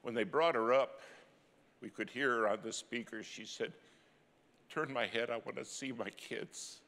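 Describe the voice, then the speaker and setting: A middle-aged man preaching a sermon as a dramatic story, swinging from loud cries to hushed, near-whispered lines. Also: mid-range voice, measured pace. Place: church sanctuary. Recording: long church hall reverb.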